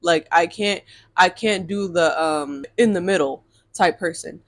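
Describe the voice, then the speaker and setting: Animated young woman ranting a storytime. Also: lowish voice, unhurried. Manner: animated, exasperated, swears, addresses viewers as y'all. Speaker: storytime vlogger. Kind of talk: casual storytime rant.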